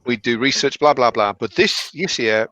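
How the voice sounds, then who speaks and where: A man's voice: mid-range voice, normal speed, bright, forceful tone, dry recording. A middle-aged man with a Black Country accent, a company director chatting casually and jokily with his family. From English Black Country. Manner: jokey, rambling, self-interrupting. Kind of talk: casual chat. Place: indoor, video call.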